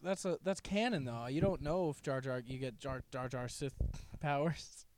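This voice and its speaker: A man's voice: mid-range voice, normal speed, darkish tone, slight background noise. A man co-hosting a casual podcast, playful and steering the conversation along. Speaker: podcast co-host. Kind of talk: casual chat.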